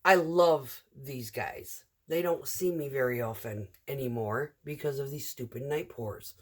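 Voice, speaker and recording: A woman's voice: rumbling low, unhurried. A middle-aged woman who drives a concrete truck, telling rambling work stories in a casual, chatty vlog full of fillers.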